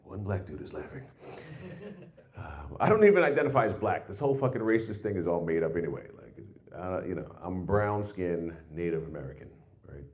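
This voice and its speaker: Brief: forties New comic, low voice with big swings in pitch, loose and self-mocking. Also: male voice, expressive, a little fast. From New York. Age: 40s. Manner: rambling and self-mocking, with loud jumps into put-on exclamations. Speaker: stand-up comedian. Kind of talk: stand-up set.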